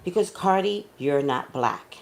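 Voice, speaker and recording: A woman delivers blunt, scolding commentary on celebrities, her voice low and gravelly. Her pitch swings widely as she lectures, emotional and outspoken. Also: lively intonation, a little slow. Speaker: psychic commentator.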